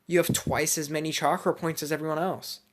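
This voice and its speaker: A man's voice: a little high, little pitch movement, fairly quick, voice pushed up, lightly acted. A man voicing a proud, laid-back middle-aged clan father who talks in casual bro slang. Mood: amazed.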